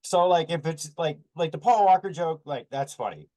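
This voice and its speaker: A man's voice: fairly high pitch, animated, normal speed, warm tone, rough recording. A man co-hosting a podcast, chatting casually with many fillers and some swearing. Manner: hesitant, full of fillers, profane. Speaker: podcast co-host. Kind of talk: casual chat.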